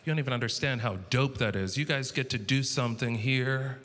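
A man from San Diego performing an animated stand-up comedy set, acting out quotes as he tells stories. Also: mid-range voice, fairly quick. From San Diego, California. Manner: animated, punchy storytelling with acted-out quotes. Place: stage at a live comedy show. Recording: live venue with long reverb, faint noise.

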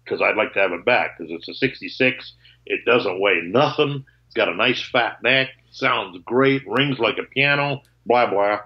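A man's voice: on the low side, normal speed. Man telling a story over a muffled call. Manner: animated, acts out both sides of old conversations, swears. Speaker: guitarist guest.

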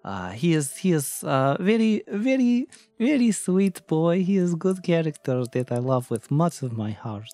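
Man doing a sweet death priest with a mock Russian accent, earnest broken English, lively pitch, over faint music. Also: measured pace, no echo. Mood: fond. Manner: broken grammar, earnest and fond.

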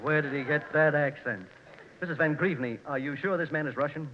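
A man's voice: fairly high pitch, brisk, highs cut off. A man hosting a 1940s radio comedy as the dry, exasperated straight man. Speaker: host. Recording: hissy 1940s radio with reverb.

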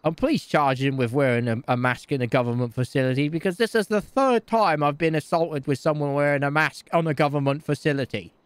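Brash, high-voiced man rambling in role-play. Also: brisk, few pauses, clear, resonant tone, no room sound. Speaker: streamer playing a role-play character. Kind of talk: improvised game role-play.

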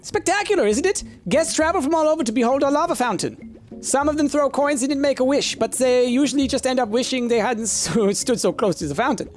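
A streamer voicing a chatty inn tour guide in a bright, salesy hospitality patter, with faint game music behind. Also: sits high, a little fast, voice pushed up, natural voice. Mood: cheery salesy.

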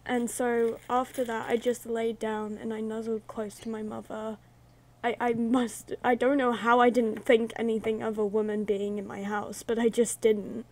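A woman's voice: a little high, a little mellow. A woman, hosting a casual vlog and telling a ghost story in a chatty, rambling way. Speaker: YouTube host.

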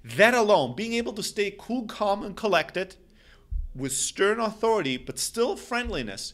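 A man coaching salespeople in an emphatic, animated talk to camera, repeating his key phrases. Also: high voice, unhurried.

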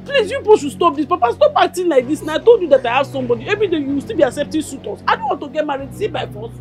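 A woman's voice: high-pitched, big pitch swings, rapid-fire, a little mellow, soft background music. An actress playing a young woman in a film drama, insistent and pleading as she refuses to marry. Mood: defiant. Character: young woman defiantly refusing an arranged marriage. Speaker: daughter.

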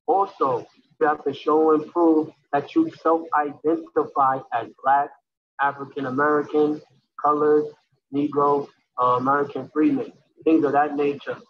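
A hoarse man from New York City giving an impassioned public comment at a town meeting, repeating words for emphasis. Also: on the high side, lo-fi sound. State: hoarse, lost his voice.

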